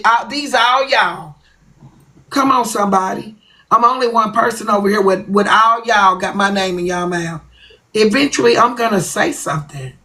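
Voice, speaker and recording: A livestream host with a medium-pitched, sharp-toned voice goes on a confrontational rant at her viewers. She speaks bluntly and doesn't hold back on profanity.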